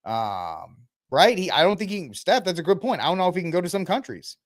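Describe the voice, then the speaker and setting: A man's voice: high voice, sing-song, fairly quick, dry recording, clean studio sound. A man hosting a casual political commentary podcast, rambling and sarcastic as he reads and jokes through the news. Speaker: podcast host.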